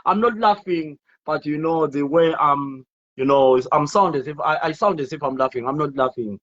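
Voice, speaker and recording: Casual talk host, a man with a somewhat high voice, emphatic, muffled audio. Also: normal speed, fairly bright tone. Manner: emphatic, repeats himself. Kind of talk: casual discussion show.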